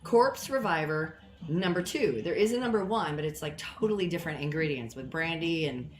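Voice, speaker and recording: A woman's voice: a little fast, slight background noise. A woman hosting a casual home cocktail live stream, chatty and rambling with self-deprecating asides, a little out of breath. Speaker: home cocktail show host. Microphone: built-in mic, not her usual one. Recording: echoey room, lower audio quality.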